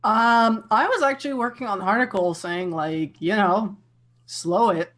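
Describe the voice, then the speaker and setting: A woman on a casual gaming podcast call who talks in a relaxed, loose way and fills her sentences with "like.". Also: mid-range voice, unhurried. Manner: relaxed, lots of "like" fillers.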